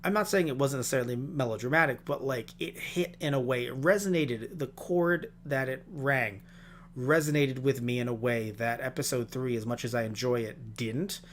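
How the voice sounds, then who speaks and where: Animated man chatting casually. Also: medium pitch, normal speed, a little hiss or hum. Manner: animated, swearing, mock-argues with himself in bits. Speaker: podcast host. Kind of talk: casual review chat.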